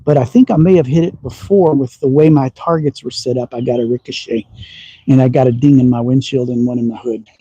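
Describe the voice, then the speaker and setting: Man, slight Southern accent, mellow husky voice, folksy and teasing, outdoor livestream chat. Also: medium pitch, steady tone, fairly quick, dry recording, dull audio. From Texas. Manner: folksy, teasing, chuckles often. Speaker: slingshot livestream host. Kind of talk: casual livestream chat while shooting. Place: outdoor backyard shooting range.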